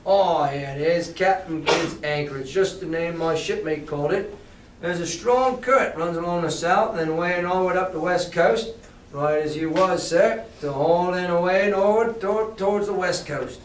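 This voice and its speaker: A man's voice: high-pitched, moderate pace, far from the mic, slight background noise, lightly acted. Long John Silver, a man doing a hearty pirate. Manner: drawling old sailor talk, hearty. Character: old one-legged male pirate cook, sly and friendly. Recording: roomy classroom echo from afar.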